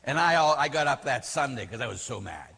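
A man, a Catholic priest, teaching a class with animated storytelling and emphatic outbursts. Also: mid-range voice, a little fast, gravelly, breathy edge. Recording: long reverb of a large hall.

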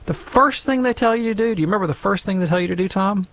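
Man, gravelly voice, fairly high pitch, call-in radio guest, animated explainer. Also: fast talker. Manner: animated, explains with examples and repeated "right?". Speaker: radio show guest answering callers.

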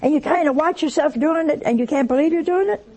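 A woman's voice: high voice, fast, warm tone. A woman giving a Catholic sermon, telling folksy, humorous stories. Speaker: Catholic religious speaker. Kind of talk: sermon with anecdotes.

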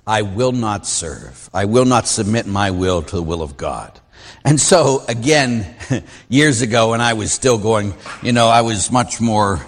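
A middle-aged man, a Catholic priest, teaching a class in an informal, animated way and acting out the voices he quotes. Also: medium pitch, in a large hall.

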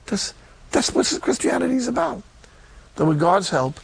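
An older man, a Catholic priest, talking in a blunt, folksy, emphatic way with sudden loud peaks. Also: very high voice, big pitch swings, moderate pace, creaky, husky. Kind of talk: sermon-style talk.

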